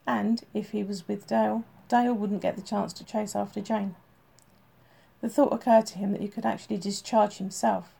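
A woman narrates an audiobook in steady, even storytelling. Her voice is gravelly with a mellow, warm tone. The telling moves along without fuss. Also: mid-range voice.

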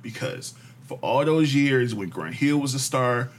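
A man's voice: mid-range voice, animated, a little slow, slight background noise. A man in casual podcast chat, ranting bluntly and profanely and repeating his point over and over. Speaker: podcast co-host.

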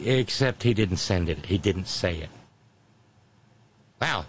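A man's voice: sits low, expressive, takes it slowly, pauses often, husky, poor audio. A man giving a casual political commentary monologue, mocking and sarcastic, often breaking off and restarting.

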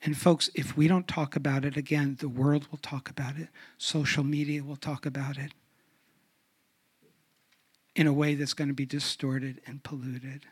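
A middle-aged man preaching a sermon on a church stage, asking rhetorical questions and dropping to a hush for emphasis. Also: on the high side, level tone, moderate pace, breathy edge. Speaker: guest speaker on sexuality. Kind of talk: sermon with humorous stories.

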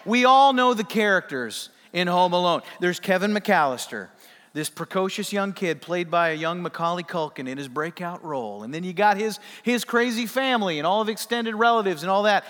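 High, bright-voiced joking preacher. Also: male voice, animated, moderate pace. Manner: playful, jokey, audience call-and-response. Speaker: pastor. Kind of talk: sermon. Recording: long reverb in a large hall.

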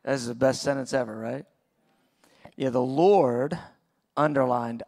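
A pastor in his forties preaching a sermon, telling a personal story in a conversational, halting way. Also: mid-range voice, creaky, a little mellow. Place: church auditorium.

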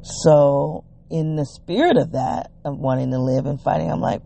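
Reflective personal storytelling, gravelly low-lying voice, darkish warm tone, animated quoting, lots of "you know". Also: normal speed, hardly any pauses. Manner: animated retelling with quoted dialogue, many "you know"s and restarts. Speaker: vlogger.

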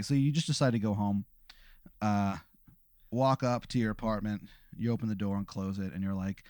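A man's voice: on the low side, expressive, brisk, dry recording, clean studio sound. A man co-hosting a podcast who improvises a comic story in the second person and rambles with lots of fillers. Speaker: podcast co-host.

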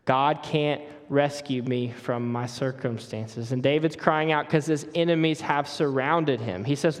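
A man's voice: mid-range voice, fairly even intonation, measured pace, hardly any pauses, in a large hall. A man preaching a sermon as a guest preacher in a church, talking conversationally and putting questions to the congregation. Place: church sanctuary.

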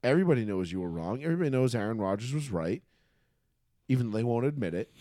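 A man's voice: mid-range voice, very animated, fast, warm tone, no room sound, clean studio sound. A man co-hosting a casual sports podcast, ranting and cursing, often breaking into laughter. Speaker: podcast co-host.

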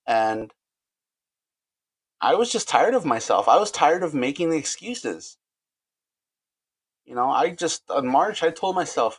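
Candid and earnest, a podcast guest speaks haltingly and restarts sentences frequently in this interview. His voice is a little high, very animated, and husky, recorded without echo.

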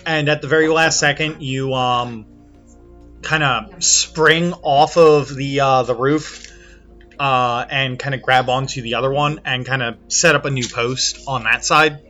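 A man's voice: medium pitch, fairly even intonation, unhurried, pushed and bright, soft background music. A man narrating a tabletop role-playing game as game master, casual and filler-heavy.

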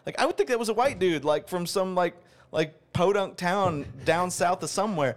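A man co-hosting a podcast who talks in an animated, exasperated way, ranting his opinions in casual chat. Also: sits high, fairly quick, hardly any pauses. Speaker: podcast co-host.

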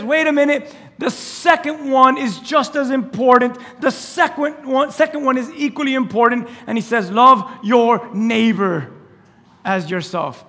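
A man preaching a lively, conversational sermon as pastor, acting out quoted lines and laughing along the way. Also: very high-pitched. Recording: church hall with long reverb.

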